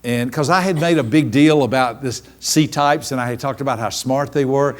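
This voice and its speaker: A man's voice: mid-range voice, moderate pace. A man, a business coach telling stories to a seminar audience and acting out the voices of people in them. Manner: animated, acts out quoted voices. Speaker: business coach giving a training. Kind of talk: live seminar storytelling.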